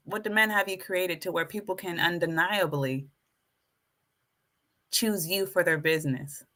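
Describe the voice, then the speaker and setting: A woman hosting a casual live stream, addressing her viewers as folks and getting more and more fired up as she preaches. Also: fairly low pitch. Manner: animated, preachy, hypes herself up. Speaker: YouTube live stream host.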